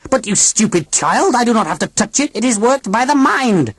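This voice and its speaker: Grinny, a stiff alien robot great-aunt, voiced high by an audiobook reader. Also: big pitch swings, normal speed, husky, no room sound. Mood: haughty. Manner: stiff, formal, oddly stressed speech. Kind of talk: audiobook character voice.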